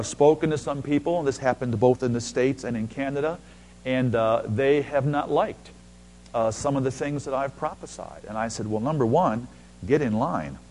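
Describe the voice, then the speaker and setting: A man preaching a sermon as a visiting speaker, animated, calling for responses from the congregation and bursting into loud exclamations. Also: mid-range voice.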